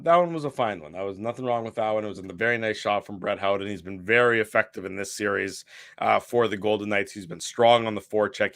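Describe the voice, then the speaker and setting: A man's voice: fairly low pitch, a bit bright, no echo, studio quality. A man co-hosting a hockey post-game show, recapping the game steadily with many fillers.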